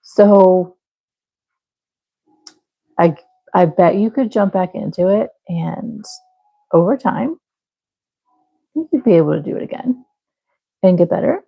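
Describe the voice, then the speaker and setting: A woman's voice: mid-range voice, lively intonation, takes it slowly, creaky, long pauses, husky, dull audio. A woman from the American Midwest hosting a crochet livestream, chatting casually and apologetically with viewers, rambling with fillers and little laughs as she works. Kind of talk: casual chat with live viewers while crocheting.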